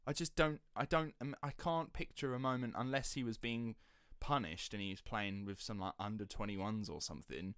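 A man's voice: fairly low pitch, moderate pace, few pauses, fairly bright tone, smooth, no echo, studio quality. A man hosting a podcast, telling a story in a chatty, sceptical way. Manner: chatty, sceptical, slips into quoted voices. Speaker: podcast host. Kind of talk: casual storytelling chat.

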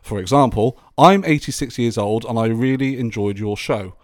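A man co-hosting a podcast, relaxed and casual, reading out listener questions and swearing now and then. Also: mid-range voice, moderate pace, dry recording, studio quality. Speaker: podcast co-host. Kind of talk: casual chat.

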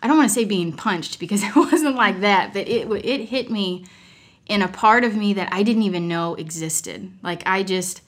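A woman's voice: mid-range voice, normal speed. A mother sharing a personal story as a guest, frank and rambling, breaking into laughter often. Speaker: podcast guest; mother of several children.

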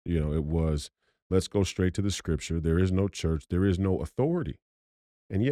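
A man's voice: low-pitched, mellow, no room sound, clean studio sound. A man co-hosting a podcast, talking at length in a lecturing way with many restarts. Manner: lecturing, wordy, stumbles on restarts. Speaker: podcast co-host. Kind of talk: casual podcast talk.

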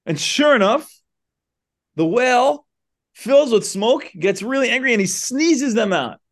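A man's voice: very high-pitched, expressive, measured pace, a bit bright. A man teaching a class in a synagogue, retelling a story loosely with many asides. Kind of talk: storytelling lecture.

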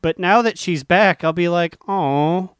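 A man's voice: sits high, moderate pace, a bit bright, clean tone, dry recording, studio quality. A man co-hosting a casual gaming podcast, playful and teasing, who stretches out his announcements. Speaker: podcast co-host.

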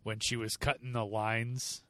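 A man co-hosting a casual movie review podcast, animated and fond of acting out scenes in put-on voices. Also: mid-range voice, unhurried, no room sound. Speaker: podcast co-host.

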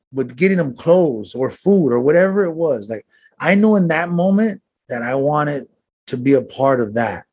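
A man telling a personal story as an interview guest, earnest and reflective, with casual slang and frequent restarts. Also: mid-range voice.

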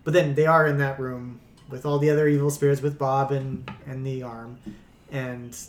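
A man's voice: mid-range voice, level tone, moderate pace. Rambling man podcast co-host, echoey room. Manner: rambling, thinking aloud with fillers. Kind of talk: casual podcast chat.

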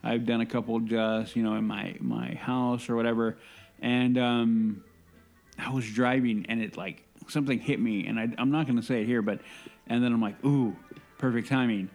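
A man co-hosting a podcast, rambling casually with restarts and self-mocking asides. His voice is gravelly, with a mid-range pitch. Faint music sits underneath the talk. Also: steady tone, normal speed, a little mellow. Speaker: podcast co-host. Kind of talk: casual chat.

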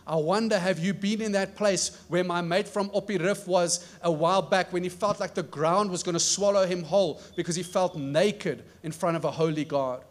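A man's voice: high-pitched, moderate pace, hardly any pauses. A man preaching a sermon in an earnest, emphatic way, asking rhetorical questions.

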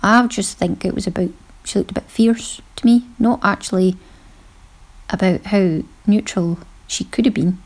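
A middle-aged woman with a mid-range voice speaks at a moderate pace, hosting a podcast. In this casual monologue she's chatty, teases herself, and laughs often.

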